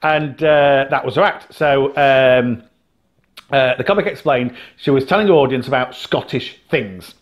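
A man's voice: mid-range voice, measured pace. A man from Britain co-hosting a podcast, telling stories in casual chat with lots of laughs and restarts. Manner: animated storyteller, laughs often, many restarts. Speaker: podcast co-host.

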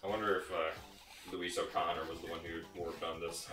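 A man's voice: low voice, little pitch movement, brisk, bright, forceful tone, faint music behind. A man co-hosting a gaming video, joking and laughing along. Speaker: co-host. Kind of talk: casual gaming commentary.

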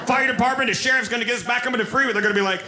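A man doing a stand-up comedy set on a club stage, telling stories with animated delivery and high shouted quotes. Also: rapid-fire, echoey room, background noise. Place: comedy club stage before a live audience.

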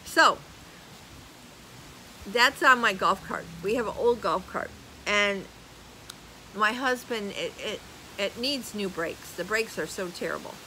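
An older woman vlogger chatting casually as she reads viewer comments aloud, animated and laughing often. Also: mid-range voice, a little slow, a little hiss or hum, low-quality recording. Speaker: YouTube vlogger. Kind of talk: casual chat reading comments.

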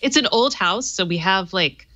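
A woman's voice: medium pitch, animated, moderate pace, sharp tone, no room sound. A woman co-hosting a tech talk show, chatty and explaining smart home gear with many fillers. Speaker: tech podcast co-host, smart home expert. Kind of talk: casual tech chat.

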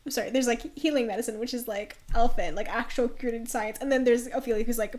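A woman's voice: a little high, fast talker, few pauses, a little mellow. A woman streaming a video game, chatting casually with a giggly manner and many fillers. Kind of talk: casual let's-play commentary.

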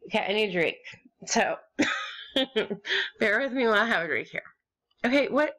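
A young American woman rambling and gushing as she opens gifts in an online game, with sudden squeals and low mutters. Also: lively intonation, moderate pace, pauses often, a bit bright. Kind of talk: casual gaming commentary.

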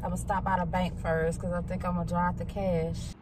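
A woman's voice: lowish voice, level tone, brisk, recorded from a distance, background noise. A middle-aged woman vlogging casually while driving, candid and chatty, swearing freely. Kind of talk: casual vlog talk. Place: in a car, driving.

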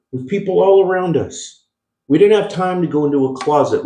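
A male pastor preaching a sermon, emphatic, with call-and-response asides and frequent restarts. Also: medium pitch. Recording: echoey room.

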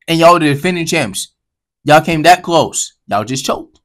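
A man giving a casual basketball commentary rant as a vlogger, talking straight to his viewers and swinging from low mutters to loud outbursts. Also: very animated, moderate pace. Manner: heated, talks straight to viewers.

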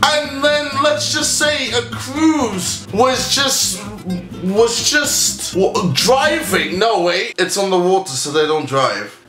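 A young man hosting a jokey vlog Q&A, loud and goofy with sudden shouts. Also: high voice, expressive, takes it slowly, roomy sound, soft background music. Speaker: vlogger host. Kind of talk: comedic vlog Q&A.

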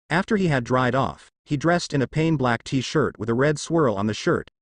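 A man reading a fan story aloud as a steady, scripted narration. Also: medium pitch, no room sound.

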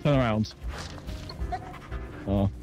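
A man's voice: on the low side, very slow, darkish tone, dull audio. A man playing a co-op game with a friend, panicky and chattering, fussing over an in-game dog. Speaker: co-op gaming partner. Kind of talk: casual co-op gaming banter. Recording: game music behind.

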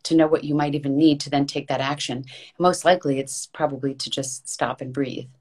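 Woman podcast guest, low voice, earnest and emphatic, rambling with repeated words for stress. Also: fairly even intonation, brisk, a little mellow. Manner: rambling, restarts mid-thought. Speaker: podcast guest, voice actress and coach. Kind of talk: casual conversational interview.

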